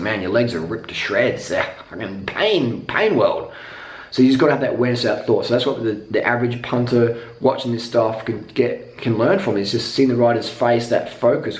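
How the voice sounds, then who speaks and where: A man talks into the camera in a rough, excitable vlog rant. He swears freely and comes across blunt and worked up, and his voice sits at an ordinary pitch for a man. The room gives it a clear echo. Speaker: cycling vlogger. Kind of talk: casual ranting vlog. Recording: echoey room.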